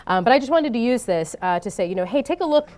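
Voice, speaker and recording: A woman giving a talk at a design conference to an audience. She often pauses with ums and uhs and grows animated when she tells an anecdote. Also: on the high side. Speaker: conference speaker. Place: conference stage before an audience.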